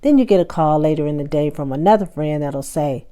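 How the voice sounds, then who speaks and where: Low, mellow-voiced woman giving life advice. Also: fairly quick. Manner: conversational, acts out everyday dialogues. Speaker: host. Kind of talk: motivational talk.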